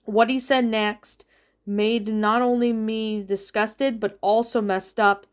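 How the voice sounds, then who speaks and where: A woman's voice: fairly high pitch, level tone, takes it slowly, clean tone. A young woman in her twenties narrating a true personal story in the first person, in a plain, rambling way with long run-on sentences. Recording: faint background music.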